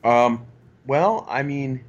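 A man's voice: mid-range voice, takes it slowly. A man talking with an old friend as a guest in a casual chat, joking and teasing as he talks. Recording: dull lo-fi sound.

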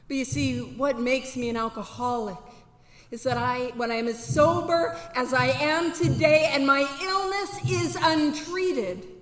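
High-voiced woman in an echoing hall. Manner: earnest, candid, with sudden whooping bursts. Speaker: recovery speaker at a banquet. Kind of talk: personal testimony talk. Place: banquet hall. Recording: echoey hall with long reverb.

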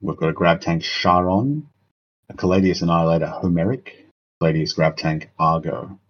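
A man's voice: low-pitched, normal speed, highs cut off. A man chatting casually on a podcast, stumbling and self-mocking as he reads out strange names. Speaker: podcast co-host. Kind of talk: casual chat reading out army names.

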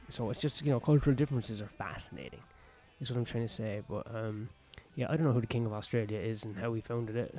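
A stand-up comedian, rambling crudely and jokingly in a casual vlog, recorded outdoors on a patio. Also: male voice, medium pitch, fast talker, warm tone.

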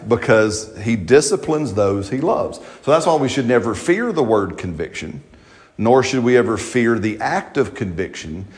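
A pastor preaches a sermon to his congregation during a church service, telling it in a conversational, storytelling way. He often checks in with "right?" and laughs through his funny anecdotes. His medium-pitched voice is expressive and moderately paced.

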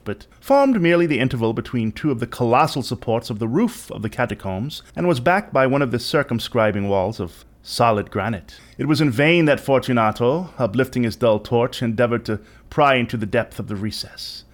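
A man narrates a classic story as a theatrical, interpretive reading. His voice sits in a middle pitch but ranges widely with expression. The delivery is deliberate and performed. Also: expressive. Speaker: reader.

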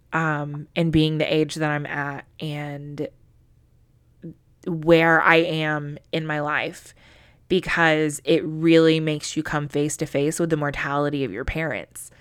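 Young woman podcaster gushing about a book, low smooth voice, lots of likes and swearing. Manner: emotional, swears casually, many "like" fillers. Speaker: podcast co-host. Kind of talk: casual book chat.

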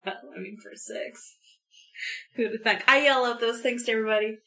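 Woman, tabletop player, playful, joking, bright forceful tone, slightly high. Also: steady tone, fairly quick. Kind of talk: casual tabletop game play.

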